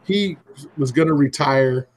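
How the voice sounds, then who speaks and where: A man co-hosting a podcast, chatting casually and telling stories with lively acted-out quotes. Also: on the high side, a little slow, rough recording. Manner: animated storytelling, acts out quotes. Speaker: podcast co-host. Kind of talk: casual chat.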